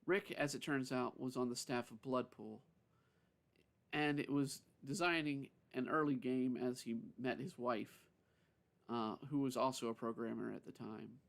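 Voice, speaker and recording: Gravelly man reading a story aloud. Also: mid-range voice, fairly even intonation. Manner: unhurried reading with self-corrections.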